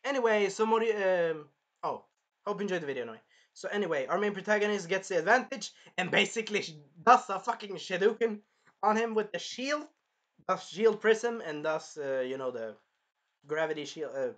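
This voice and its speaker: Bright-voiced rambling, swearing anime reviewer. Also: medium pitch, lively intonation, a little fast. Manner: rambling, profane, jumps into loud impressions of characters. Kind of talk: casual spoken review.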